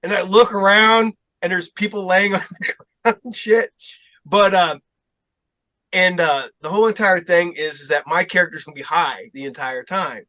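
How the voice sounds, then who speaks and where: A man who owns a game shop, chatting as a podcast guest and telling stories in an animated way, swearing freely. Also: high voice, moderate pace. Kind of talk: casual podcast chat.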